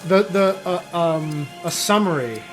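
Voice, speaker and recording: A man's voice: on the high side, lively intonation, measured pace, faint music behind. A man streaming and chatting casually, rambling and interrupting himself while he talks. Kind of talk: casual chat while gaming.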